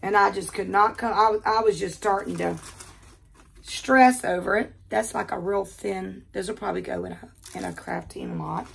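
An older woman from the American South with a Southern accent, chatting casually and talking fast while she unboxes jewelry in her quiet bedroom. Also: mid-range voice, creaky, breathy edge.

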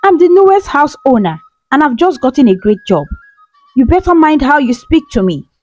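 A woman's voice: on the high side, very animated, a little slow, darkish tone, soft background music. A woman voicing an arrogant, boastful young man in a storybook tale, speaking proudly and sneeringly.

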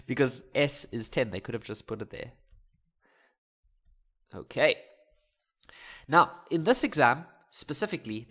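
A man's voice: medium pitch, fairly bright tone. A young man teaching a casual maths lesson, chatty and joking, laughing at his own slips as he works through exam questions. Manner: chatty, jokes and laughs at himself. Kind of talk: casual maths lesson over worked examples.

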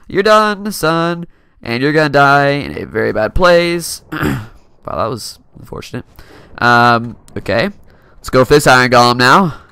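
Young male gameplay commentator, bright, animated delivery, playful and teasing, dry close-mic sound. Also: medium pitch, unhurried, smooth, dry recording. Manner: playful, laughs often, talks to opponents. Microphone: desk mic.

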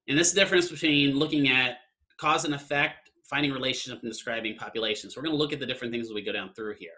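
Bright-voiced man lecturing casually. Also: medium pitch, quick pace. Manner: conversational, keeps asking "right?". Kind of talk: online class lecture.

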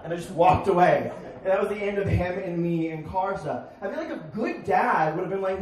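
A young man performing a stand-up comedy set on a bar stage, with deadpan punchlines and sudden shouted bits. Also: sits high, brisk, hardly any pauses. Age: young adult. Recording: echoey bar, crowd noise, distant. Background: crowd laughing.

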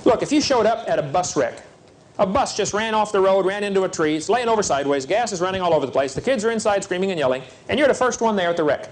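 Animated folksy preacher, man's voice. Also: high-pitched, fast, slight background noise. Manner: animated, folksy and urgent, acts out little scenes. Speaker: evangelist speaker. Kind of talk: preaching seminar to youth.

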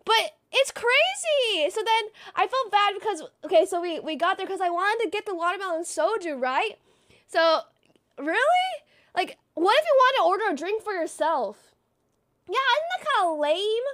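A woman's voice: very high voice, sing-song, moderate pace, fairly bright tone. A woman livestreamer telling a story in casual stream chat, full of "like" and acting out what people said. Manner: chatty storytelling, acts out quotes; many fillers like "like".

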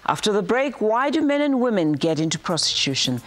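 A woman hosting a studio talk show, brisk and lively as she interviews guests. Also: mid-range voice.

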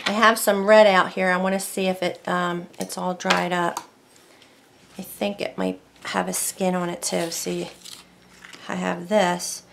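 A woman's voice: fairly low pitch, flat delivery, unhurried, gravelly, a little hiss or hum. A woman teaching decorative painting in a casual tutorial, chatting and thinking aloud as she works at a close mic.

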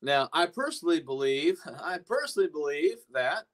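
A man's voice: on the high side, big pitch swings, normal speed. A man preaching earnestly on a podcast, rambling at times with many restarts. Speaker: pastor. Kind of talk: podcast sermon talk.

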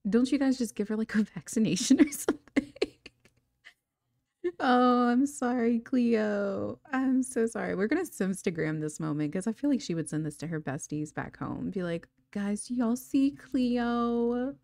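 A young woman talks through her game in a chatty, easygoing way, breaking into giggles every few lines. Her voice sits at an ordinary middle pitch. The recording is dry and close. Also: moderate pace, gravelly, a little mellow, no room sound. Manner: chatty and giggly, laughs often. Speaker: gaming video creator. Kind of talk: casual gameplay commentary.

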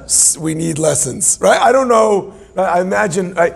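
Playful, gravel-voiced Torah teacher (man). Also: sits high, lively intonation, normal speed, few pauses. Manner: playful, self-deprecating, musing asides. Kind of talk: humorous Torah class.

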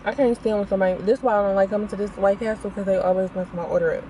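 A woman's voice: medium pitch, rapid-fire, hardly any pauses, a little hiss or hum. A young woman, chatting casually to viewers as she reviews food in a car on her phone. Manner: chatty, animated, talks to viewers as y'all. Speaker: vlogger.

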